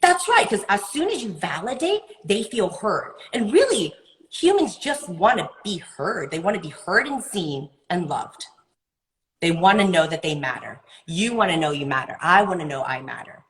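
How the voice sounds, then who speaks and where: A woman giving wellness advice in a live video-call interview, earnest and animated, sometimes acting out other people's voices. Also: on the low side, normal speed, low-quality recording. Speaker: wellness guest.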